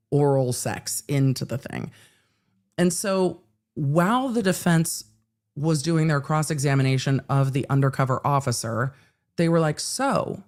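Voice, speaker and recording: Woman livestreamer chatting casual, kinda low voice, swears a lot, tells stories all animated. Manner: animated, swearing, storytelling with acted quotes. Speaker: legal commentary livestream host.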